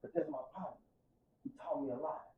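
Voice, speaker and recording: A man's voice: a little high, huge pitch swings, a little fast, creaky, narrow, tinny audio. Fervent St. man, roomy distant sound. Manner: fervent, preacher-like, swings from soft to loud. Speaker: podcast guest. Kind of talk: emotional testimony in casual podcast talk. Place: podcast studio room.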